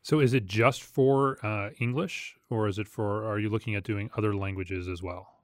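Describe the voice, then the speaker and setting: A man interviewing a guest, asking conversational, somewhat halting questions. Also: on the low side, fairly even intonation, no room sound, clean studio sound.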